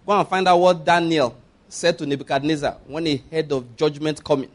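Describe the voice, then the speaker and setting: A man's voice: a little high, steady tone, brisk. A man preaching a sermon, emphatic, repeating his points and checking that listeners follow.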